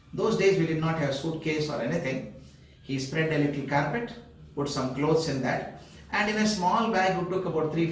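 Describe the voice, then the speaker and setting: A man's voice: fairly high pitch, slight background noise. Older Indian man telling a story, echoey. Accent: Indian English. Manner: lively, acts out quoted voices. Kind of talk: spoken personal story. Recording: echoey room, far from the mic.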